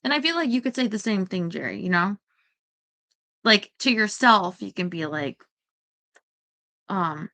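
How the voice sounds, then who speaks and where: A woman's voice: mid-range voice, expressive, normal speed, pauses often, a bit bright. A woman hosting a casual chat, rambling with lots of fillers and quoting herself. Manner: rambling, full of fillers and self-quotes. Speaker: podcast host.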